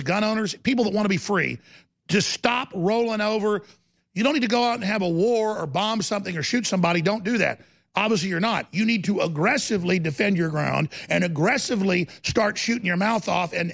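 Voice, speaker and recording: A man hosting a talk radio show, ranting aggressively in a rapid-fire manner. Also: high-pitched, creaky, a bit bright.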